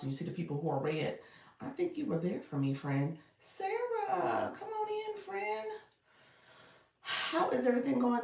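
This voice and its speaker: Chatty woman coach with gravelly voice. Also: fairly low pitch. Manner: chatty and encouraging, laughs often, calls viewers "friend". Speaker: live-streaming coach. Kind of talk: casual livestream chat, greeting viewers and reading comments. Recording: echoey room, voice a bit far from the mic.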